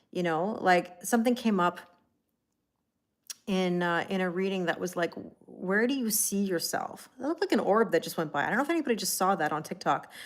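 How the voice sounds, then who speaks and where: A woman hosts a casual livestream tarot reading in an ordinary mid-range voice. She rambles and chats with viewers by name. Her talk is full of "like" and restarts. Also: medium pitch. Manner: heavy use of "like" and restarts. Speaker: tarot reader.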